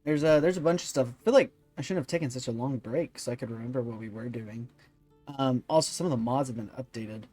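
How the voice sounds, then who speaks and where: A man's voice: medium pitch, fast talker, mellow, faint music behind. A man hosting a let's-play video, rambling and thinking aloud with many fillers. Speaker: gaming channel host.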